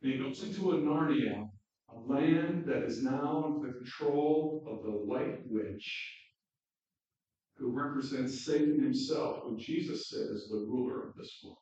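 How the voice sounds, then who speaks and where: A male pastor preaching a sermon and reading a story aloud, slow and deliberate, recorded from afar in an echoey hall. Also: mid-range voice, warm tone. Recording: dull echoey hall from far off.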